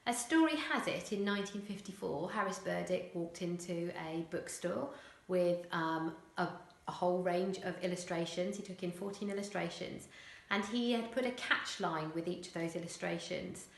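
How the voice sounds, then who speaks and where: A woman's voice: lowish voice, moderate pace, reverberant. Woman teacher explaining a writing task. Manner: clear, explanatory, with fillers. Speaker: primary school teacher. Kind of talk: recorded lesson explanation.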